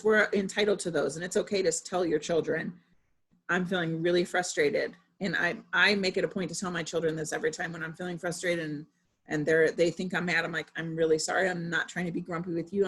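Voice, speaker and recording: A woman's voice: lowish voice, breathy edge. A woman in her thirties, a parent, giving a casual presentation to parents, chatty and full of personal examples. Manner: conversational, with frequent fillers and personal anecdotes.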